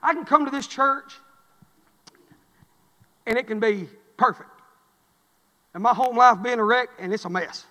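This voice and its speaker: A middle-aged man, a pastor preaching a sermon, swinging between fervent, rising exhortation and quiet storytelling. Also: extremely high pitch, unhurried, long pauses, long reverb tail. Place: church.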